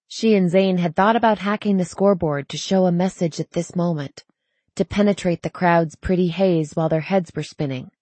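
Woman narrator for a young-adult novel, slightly low voice, dry booth sound, steady delivery. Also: no room sound. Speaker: audiobook narrator. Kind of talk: scripted narration.

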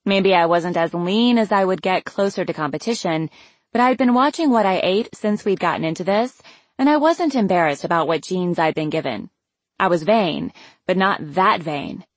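A woman narrating a first-person audiobook in a wry, even way, close to the mic. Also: fairly low pitch, normal speed, no echo.

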